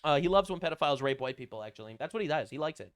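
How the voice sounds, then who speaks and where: A man's voice: on the high side, animated, racing, clear, resonant tone. A man giving sarcastic, profane political commentary, mocking the people he talks about. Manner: mimics quoted politicians in put-on voices.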